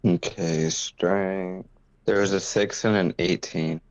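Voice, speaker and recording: A man playing in a tabletop game, blunt and loud. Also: deep voice, steady tone, slow pace, no room sound, muffled recording. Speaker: player.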